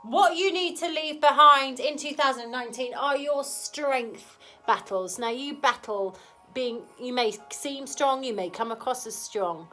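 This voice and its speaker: A woman's voice: on the high side, a bit bright. Chatty tarot reader woman with a cold. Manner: chatty, frank, keeps asking "okay?". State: has a cold. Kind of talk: casual tarot reading to camera.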